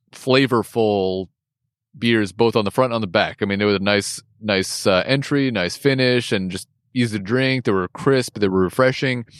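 A man's voice: mid-range voice, no echo, studio quality. A man co-hosting a podcast, chatting casually about a beer he is tasting, rambling loosely and laughing often. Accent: American. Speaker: podcast co-host.

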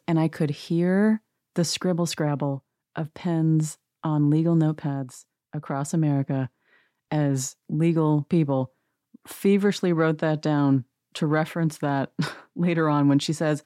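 A woman's voice: low voice, steady tone, normal speed, dark tone, no echo, clean studio sound. A woman host casually recapping a reality show, sarcastic and rambling. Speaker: podcast host.

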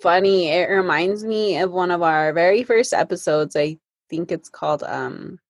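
A woman podcast host chatting casually and recalling an earlier episode, responsive and quick with affirming murmurs. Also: lowish voice. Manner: warmly responsive, frequent affirming murmurs and laughs. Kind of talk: casual conversational chat.

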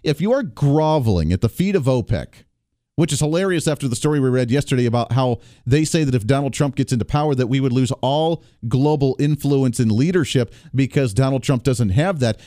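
A man hosting a live talk radio show, delivering an energetic, sarcastic monologue from a radio studio. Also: medium pitch, fairly quick, no room sound. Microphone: studio microphone.

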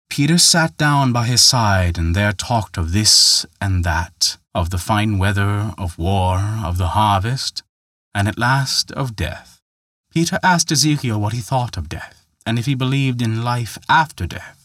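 A man's voice: a bit bright, no echo, studio quality. A man narrating a folktale in a scripted, dramatic telling. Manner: dramatic, raises pitch and volume for quoted characters. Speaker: storyteller.

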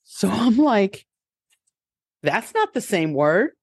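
A woman with a New York accent hosting a casual chat over a headset, telling lively stories and laughing often. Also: a little high, drawn-out words, gravelly, husky, no echo, clean studio sound. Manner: animated storyteller, laughs often. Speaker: podcast host.

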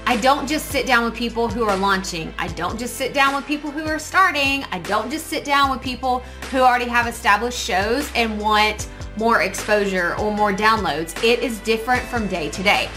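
A woman podcast coach giving casual, upbeat advice to listeners, chatty and quick to poke fun at herself. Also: a little high, music in the background. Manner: chatty and upbeat, self-mocking asides.

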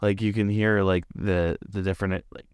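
Man, podcast co-host, casual movie chat, deep voice, dry booth sound. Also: level tone, moderate pace, smooth, no echo. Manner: chatty, lots of "like" fillers.

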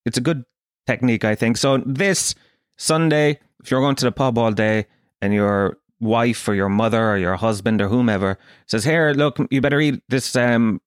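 Sweary Irish comic with a Kerry accent. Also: male voice, normal speed, clean tone, no room sound, studio quality. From Ireland, Tralee. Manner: swears a lot, animated rants with bursts of high pitch. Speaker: comedian. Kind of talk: stand-up style comic monologue.

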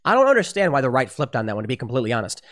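A man's voice: mid-range voice, very animated, racing, a bit bright. A man delivering opinionated commentary to his audience, emphatic and heated, repeating words as he presses his points. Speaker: online political commentator.

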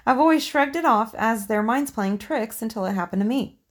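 A woman reading listener ghost stories on a podcast in a relaxed, chatty way. She swears offhandedly and laughs easily with her co-host. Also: a little high, fairly quick. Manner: swears casually, laughs often. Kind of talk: casual podcast chat and story reading.

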